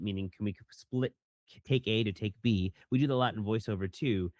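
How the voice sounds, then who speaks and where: Man with a low, dry voice. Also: quick pace, no echo. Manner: rambling, many fillers, acts out line readings. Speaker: voice director and actor. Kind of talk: casual interview answers.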